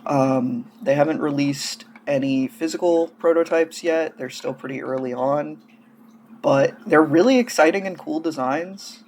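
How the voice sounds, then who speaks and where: A man's voice: a little high, a little slow, a little mellow, slight background noise. A man casually gushing and rambling through hobby news in a vlog, coming down with a cold and sounding feverish. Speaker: doll-hobby vlogger.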